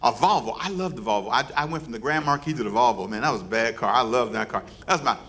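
A man's voice: mid-range voice, lively intonation, fast talker, bright, forceful tone. A man preaching as pastor, leading his congregation in call and response and teasing them playfully. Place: church service before a congregation.

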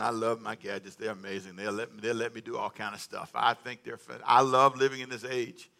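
Bright-voiced preaching pastor, a man. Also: mid-range voice, creaky. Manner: call-and-response preaching, asks congregation to read aloud. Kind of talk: sermon.

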